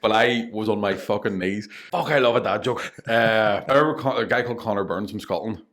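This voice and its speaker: A man's voice: lowish voice, brisk, fairly bright tone. A man with a Northern Irish accent telling a long, sweary joke as a podcast guest. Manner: sweary, rambling storytelling. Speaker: comedian guest.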